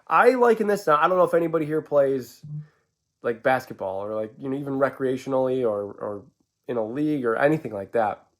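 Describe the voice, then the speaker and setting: A man's voice: medium pitch, lively intonation, a little fast. A man talking through his team's loss in a casual sports vlog, rambling with stammered restarts and swinging inflections. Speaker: sports fan vlogger.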